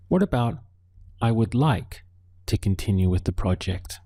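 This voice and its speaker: A man giving a spoken language lesson, calm and patient, modelling each word slowly so the listener can repeat it. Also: fairly low pitch, slightly rough, no echo. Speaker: language teacher. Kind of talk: slow, deliberate spoken lesson.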